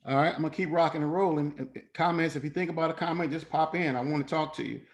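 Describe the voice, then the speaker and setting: A man leading a parenting class over an online call, talking informally, animated and profane, and slipping into other voices for quotes. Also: fairly high pitch, fast. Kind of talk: informal coaching talk.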